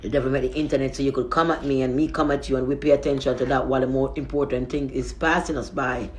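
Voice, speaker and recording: A woman, speaking into a phone on a live stream. She rambles softly, moving between prayer and warm reassurance. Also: rumbling low, steady tone, fast, slight background noise. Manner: soft, rambling, affectionate reassurance.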